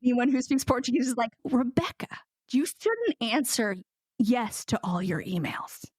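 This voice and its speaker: Lively, high-voiced Southern-tinged American woman. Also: normal speed, husky, no echo, studio quality. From United States. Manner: animated, jokey, slips into put-on voices. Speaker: guest ceramicist. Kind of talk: casual conversation.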